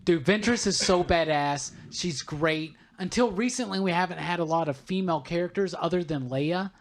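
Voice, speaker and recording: A man co-hosting a casual podcast chat, an excited fan who keeps calling things badass. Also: fairly high pitch, normal speed. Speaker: podcast co-host.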